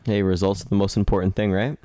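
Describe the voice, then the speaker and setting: A man's voice: low voice, little pitch movement, fast, warm tone, dry recording, studio quality. A man co-hosting a sports podcast in casual chat, talkative and playful, often correcting himself mid-sentence. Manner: chatty, self-correcting, playful. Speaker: podcast co-host.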